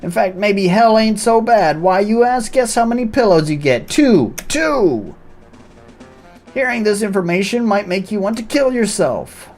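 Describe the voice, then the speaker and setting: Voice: mid-range voice, animated, unhurried, a little mellow, faint music behind, voice pushed up. A streamer voicing a brash, crude cat-girl commander, barking drill-sergeant orders while reading game dialogue aloud. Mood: barking bossy.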